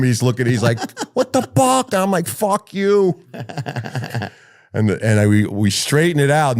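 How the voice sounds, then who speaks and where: A middle-aged man, a retired firefighter, telling personal stories in an animated way and swearing freely. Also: fairly low pitch. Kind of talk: personal storytelling.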